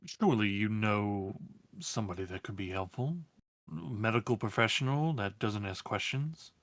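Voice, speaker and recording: Male player, plain matter-of-fact delivery, lowish pitch. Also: normal speed, fairly bright tone, no room sound. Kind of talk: tabletop role-play chat.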